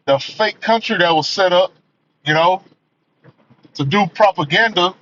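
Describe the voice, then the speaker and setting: In his ranting commentary, a movie reviewer swears emphatically and keeps dropping "man" and "you know." He has a high, fairly bright voice and a measured pace, and the lo-fi audio sounds dull.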